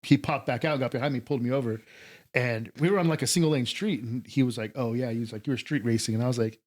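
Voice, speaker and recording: A man's voice: mid-range voice, quick pace, darkish tone. A man telling a story as a podcast guest, laid-back and profane, acting out quotes from others. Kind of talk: casual storytelling.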